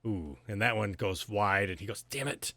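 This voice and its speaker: A man's voice: fairly low pitch, moderate pace, fairly bright tone, no echo. A man running a tabletop game as game master, narrating in an easygoing way with lots of fillers and restarts.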